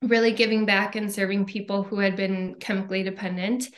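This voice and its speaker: A woman's voice: mid-range voice, little pitch movement, brisk. A woman from Minnesota with a Minnesotan accent, a podcast guest telling her family story in chatty fashion with frequent ums. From Minnesota, USA. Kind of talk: casual interview chat.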